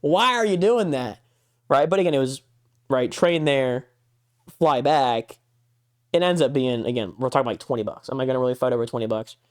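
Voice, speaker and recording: A man holds forth on a casual podcast, his voice sitting at an ordinary middle pitch. He rants in an exasperated way and swears freely. His voice leaps high whenever he gets worked up. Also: steady tone, brisk, a little mellow, clean tone. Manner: exasperated ranting, heavy swearing, pitch jumps when worked up. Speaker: podcast co-host.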